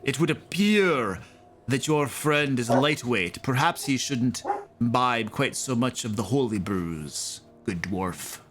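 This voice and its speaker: A stern holy abbot who lectures in lofty, preachy sentences, as a man voices him at the game table. He speaks slowly and deliberately. His voice sits at a middle pitch. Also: lively intonation, fairly bright tone, faint music behind. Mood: haughty. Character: stern, pompous male abbot of a holy order. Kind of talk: tabletop role-play.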